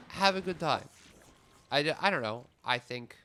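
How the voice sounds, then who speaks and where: A man's voice: medium pitch, expressive, unhurried, pauses often, sharp tone, slight background noise. A young man streaming a game, chatting casually and rambling, often stopping himself mid-thought and laughing. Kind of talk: casual gameplay chat.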